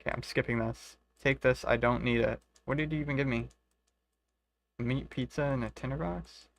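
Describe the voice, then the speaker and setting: A man's voice: mid-range voice, normal speed, creaky, fairly bright tone. A man streaming a retro online game, chatting casually, reading the in-game dialogue aloud, swearing freely and laughing often. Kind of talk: casual gameplay commentary.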